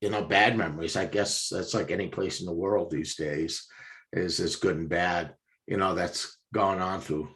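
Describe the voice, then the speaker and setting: A man's voice: sits low, fairly even intonation, normal speed, fairly bright tone. A man as a guest in casual chat, rambling and now and then teasing.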